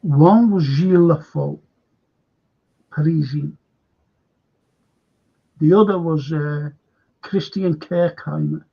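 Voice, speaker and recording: A man's voice: a little high, vocal fry, husky. An older man hosting a show, telling a rambling story in casual chat and repeating himself. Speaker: host. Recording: dull lo-fi stream audio.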